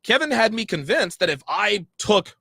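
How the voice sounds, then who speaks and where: A man telling a heated story in a profane, animated way, acting out the quoted conversations. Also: high-pitched, moderate pace, vocal fry, husky, no echo, clean studio sound. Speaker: podcast host.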